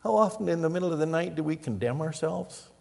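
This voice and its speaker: An older man preaching a sermon, telling stories and moving between loud emphasis and hushed, quiet passages. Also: fairly high pitch, animated, quick pace, creaky, long reverb tail. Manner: storytelling, swings from loud emphasis to hushed near-whispers. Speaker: pastor.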